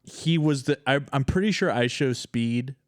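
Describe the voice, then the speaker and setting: A man's voice: mid-range voice, moderate pace, no echo, studio quality. A man co-hosting a podcast in casual chat, rambling through stories and laughing a lot. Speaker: podcast co-host.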